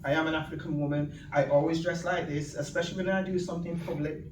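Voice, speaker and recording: Lively woman in her sixties. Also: low voice, quick pace. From northern England. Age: 60s. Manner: animated, humorous, acts out quoted voices. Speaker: guest speaker. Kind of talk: storytelling speech to an audience. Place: event venue room. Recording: echoey room, distant mic, audience noise.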